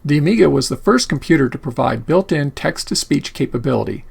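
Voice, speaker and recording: A man's voice: a little high, animated, fairly quick, gravelly, slightly rough. A man narrating a scripted video essay as host of his channel.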